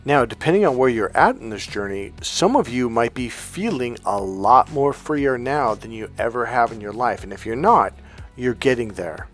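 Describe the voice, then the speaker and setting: A man's voice: mid-range voice, animated, moderate pace, soft background music. A man, a life coach, telling a story to his viewers in a rambling, chatty way full of fillers and restarts. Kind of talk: casual storytelling monologue to viewers.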